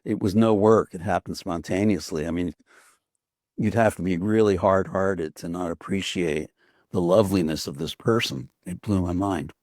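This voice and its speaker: Older guy with a really deep voice, thoughtful, kinda rambly, dry close sound. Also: normal speed, a little mellow, dry recording. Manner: earnest storytelling with restarts. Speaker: author guest. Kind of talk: reflective conversation.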